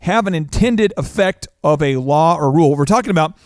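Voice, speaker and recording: A man hosting a business talk show as a coach, energetic and animated, telling stories. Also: on the high side, a little fast, no room sound, studio quality. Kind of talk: casual chat.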